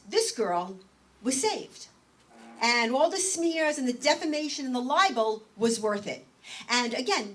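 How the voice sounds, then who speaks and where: A woman speaking to a meeting audience with an emphatic, storytelling delivery and a fairly high voice. Her voice comes from a distance from the mic. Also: fairly bright tone. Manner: emphatic, storytelling, repeats key phrases for effect. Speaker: speaker at a book signing. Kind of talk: animated speech to an audience. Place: meeting room.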